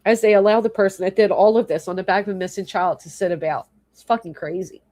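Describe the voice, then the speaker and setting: A fast-talking woman with a mid-range, dark voice and fairly even intonation rants on her YouTube livestream. She is angry, exasperated and heavily profane, pausing to read chat comments and thank their authors.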